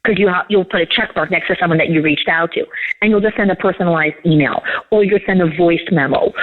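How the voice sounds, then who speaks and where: A woman, a leadership coach, giving interview answers and telling stories with acted-out dialogue. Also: mid-range voice. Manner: animated storytelling, acts out quoted dialogue. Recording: tinny phone-like line.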